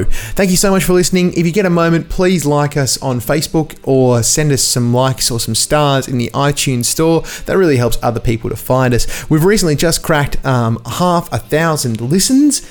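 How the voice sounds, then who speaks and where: Chatty podcast host. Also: male voice, medium pitch, expressive, normal speed, hardly any pauses. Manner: chatty and jokey, addresses listeners as folks. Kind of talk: casual podcast sign-off.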